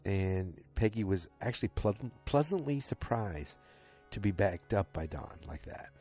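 A man with a low, slightly husky voice talks through a TV episode recap in a loose, casual way. He sounds tired and rambles, often stopping to correct himself. Soft music plays faintly in the background. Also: lively intonation, moderate pace. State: tired and yawning late at night. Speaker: podcast host recapping a TV episode.

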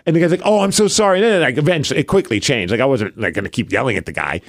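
Animated podcast host, lively storyteller. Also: male voice, medium pitch, rapid-fire. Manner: animated, acts out quoted voices. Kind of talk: casual storytelling chat.

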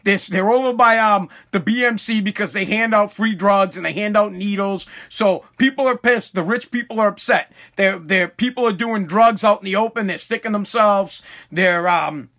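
A man's voice: high voice, moderate pace, few pauses, bright, forceful tone. A man hosting a casual podcast, rambling, swearing and laughing often. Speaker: podcast host. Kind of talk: casual storytelling chat.

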